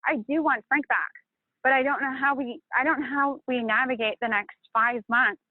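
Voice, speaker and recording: Her high-pitched voice comes through a tinny, phone-like line with a dry, echo-free sound at normal speed. The channel host, she talks emotionally and casually in a confessional chat, swearing and rambling about a painful breakup.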